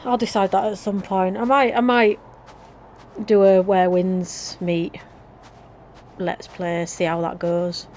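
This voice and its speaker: A woman's voice: mid-range voice, flat delivery, slow, long pauses, a little mellow, slight background noise, low-quality recording. A woman with a Yorkshire accent chatting and rambling through casual gameplay commentary. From Yorkshire, England. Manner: chatty and rambling, with restarts and British slang. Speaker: let's play gamer.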